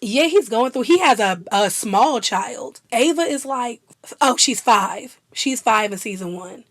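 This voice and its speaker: A woman's voice: on the high side, expressive, a little slow, no room sound. A young woman chatting casually and laughing often as a vlogger. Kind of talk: casual chat.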